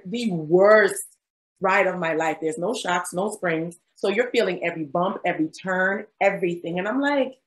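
A young woman physician tells her story in a relaxed interview, her voice sitting on the low side. She slips into acted-out quotes and laughs as she goes, chatty and animated. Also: moderate pace, low-quality recording. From South Jersey. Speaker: guest, physician.

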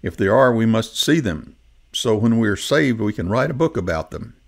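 A bold old rabbit gentleman from a bedtime storybook, read aloud by a man. He speaks firmly and is eager for adventure, with a low voice and a gravelly edge. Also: expressive, moderate pace.

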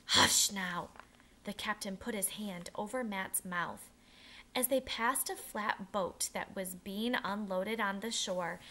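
A woman narrating a children's historical novel aloud, expressive, with occasional restarts and self-corrections. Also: medium pitch.

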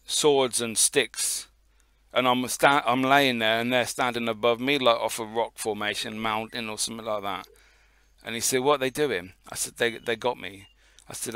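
A man's voice: medium pitch, pushed and bright, clear, resonant tone, no room sound. A man co-hosting a casual podcast, telling a long story in a rambling way and swearing often. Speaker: podcast co-host.

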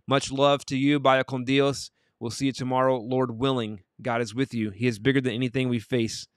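A cheerful man hosts a morning livestream and reads the chat aloud, greeting each viewer by name. His voice is smooth and resonant at an ordinary pitch. He is close to the mic in a dry, dead room. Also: level tone, moderate pace, no room sound. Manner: cheerful, upbeat greetings, warm blessings to viewers. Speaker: livestream host.

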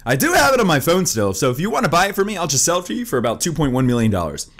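Excitable young man with lively pitch. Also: very fast. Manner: excitable, joking, yelps and groans from spicy food. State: eyes watering, voice strained from wasabi. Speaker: gaming YouTuber. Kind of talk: gaming commentary.

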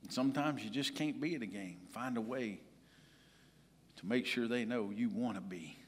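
A man preaching a sermon as pastor, telling personal stories and swinging from loud to hushed. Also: medium pitch, normal speed, long reverb tail, a little hiss or hum. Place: large church hall.

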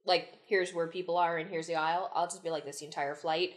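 A woman's voice: fairly low pitch, steady tone, fast talker. A young woman co-hosting a podcast, chatting casually in a wry, teasing way and acting out her own reactions. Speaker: podcast co-host. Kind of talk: casual chat.

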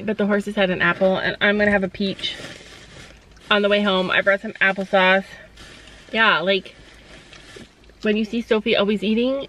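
A woman's voice: mid-range voice, a bit bright, a little hiss or hum, low-quality recording. A woman chatting casually to her camera outdoors at a horse barn, soothing a frightened horse. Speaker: vlogger and mother. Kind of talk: casual vlog narration.

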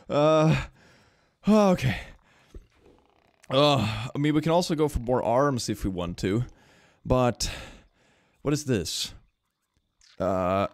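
Giggly, high-voiced man streaming a game. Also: no echo. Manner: giggly, excitable, breaks into high laughter; chatty, thinks aloud while playing. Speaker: gaming streamer. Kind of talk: live game commentary.

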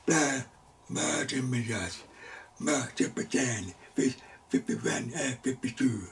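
A man teaching a Sunday school Bible lesson in halting, broken phrases, sometimes bursting out loudly. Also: medium pitch, far from the mic, a little hiss or hum. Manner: halting, broken phrases with sudden loud exclamations. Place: church classroom.

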